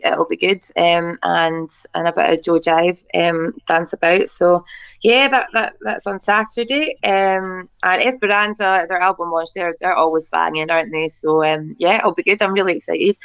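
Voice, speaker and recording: A woman's voice: fairly low pitch, steady tone, moderate pace, a bit bright, clear, resonant tone, dry recording, lo-fi sound. A woman musician chatting easily on a video call, laughing often. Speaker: musician guest. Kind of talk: casual chat.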